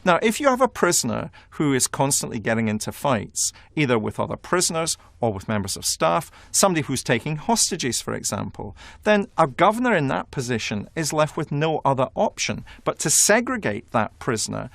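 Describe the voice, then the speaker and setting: A man speaking as a prison expert in a documentary interview, measured and analytical. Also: mid-range voice, sing-song, gravelly, fairly bright tone, no room sound.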